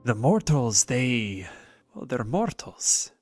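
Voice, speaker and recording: A man voicing a calm elder male lizard-folk god, speaking in a measured, grave way. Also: mid-range voice, soft background music. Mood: pondering. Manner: measured, grave, quietly speculative.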